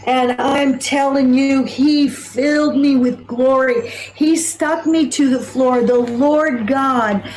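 A woman's voice: high-pitched, fairly even intonation, slow pace, hardly any pauses, a little mellow, slight background noise, low-quality recording. A woman missionary telling her personal testimony in an earnest, emphatic way, repeating words for stress.

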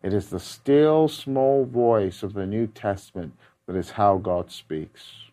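A man preaching a sermon, fervent and emphatic, repeating key words for effect and moving between loud passages and quiet, measured ones. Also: lowish voice.

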